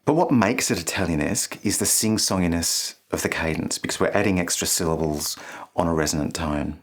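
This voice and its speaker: Man, deep voice, vocal coach, clear and playful, sings short examples. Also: a little fast. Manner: clear, playful, demonstrates phrases by singing them. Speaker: vocal coach and channel host. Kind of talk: singing lesson to camera.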